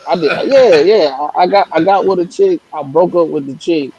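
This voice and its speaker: A man co-hosting a casual talk show, telling a personal story in a relaxed way. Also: high voice, normal speed, muffled recording, slight background noise. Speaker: podcast co-host. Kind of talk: casual chat.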